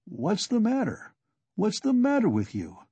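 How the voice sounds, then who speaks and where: A man's voice: on the high side, very animated, measured pace, a little mellow, husky, no echo, voice pushed up, full character voice. A man reading a drunk, rambling young man. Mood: anxious. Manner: rambling and eager. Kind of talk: audiobook character reading.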